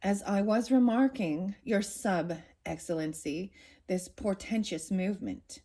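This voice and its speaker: Woman reading a nervous fawning court official guy, soft plain storybook read. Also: mid-range voice, unhurried. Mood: timid.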